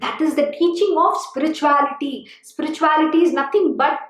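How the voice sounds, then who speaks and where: High-voiced woman giving an earnest spiritual discourse. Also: brisk. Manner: earnest, exhorting, repeats "you know". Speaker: spiritual teacher. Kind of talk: devotional discourse. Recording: echoey room.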